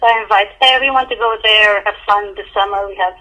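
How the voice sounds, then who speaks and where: A woman's voice: mid-range voice, a little fast. A woman from Tunisia with a French and Arabic accent, a bubbly fashion designer guest on a call-in interview. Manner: bubbly, excitable. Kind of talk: casual interview. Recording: tinny phone line.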